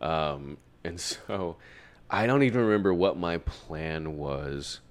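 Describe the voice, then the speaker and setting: Very deep-voiced man rambling. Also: takes it slowly. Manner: rambling, self-deprecating, laughs often, swears freely. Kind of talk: casual storytelling chat.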